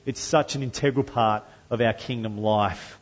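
A man preaching a sermon to his church, measured and earnest, with loud emphatic passages when he reads scripture. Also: mid-range voice, fairly even intonation, muffled recording. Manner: slow and deliberate, rising to loud emphatic scripture reading. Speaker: pastor.

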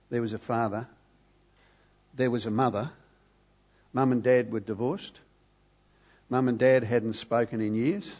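A man's voice: medium pitch, a little mellow, muffled recording. A man preaching a sermon, telling a story and leading the congregation to repeat lines with him. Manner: earnest, leads congregation in call-and-response.

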